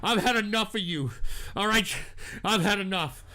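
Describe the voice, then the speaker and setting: A man's voice: sits high, normal speed, bright, forceful tone. A man hosting a call-in show, ranting angrily and cursing at trolls in the chat room. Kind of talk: angry profane rant.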